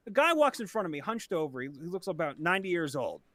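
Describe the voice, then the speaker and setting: A man from Ohio with a high, very lively voice tells a story in casual podcast chat. His tone is bright and forceful, and the close mic sounds dry. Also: rapid-fire, no room sound. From Ohio, USA. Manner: animated, laughing storyteller. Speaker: podcast co-host.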